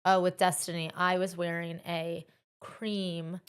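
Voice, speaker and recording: A woman co-hosting a podcast, chatting excitably with lots of fillers. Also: lowish voice, a little slow, smooth. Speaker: podcast co-host. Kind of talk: casual chat.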